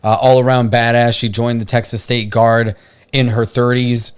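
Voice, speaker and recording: A man's voice: mid-range voice, level tone, moderate pace, clean tone. A man from Puerto Rico hosting a casual livestream show, rambling with frequent laughs and fillers. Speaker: podcast host.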